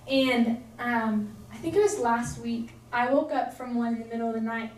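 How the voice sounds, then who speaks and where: A woman's voice: a little high, normal speed, darkish tone, a little hiss or hum. A young woman giving a casual, earnest sermon, chatty and full of fillers. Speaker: preacher. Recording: echoey room, voice from far off.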